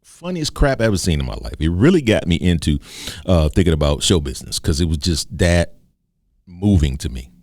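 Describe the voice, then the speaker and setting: A man hosting a podcast, talking in a casual, comedic monologue and breaking into silly high voices. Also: fairly quick, no room sound. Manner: animated storyteller who swings into high comic voices. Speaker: podcast host.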